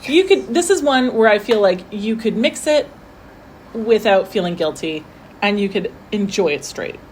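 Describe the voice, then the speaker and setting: A woman co-hosting a casual whiskey tasting, chatty and quick to laugh at herself. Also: medium pitch, expressive, a little hiss or hum. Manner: chatty, laughs often, self-deprecating.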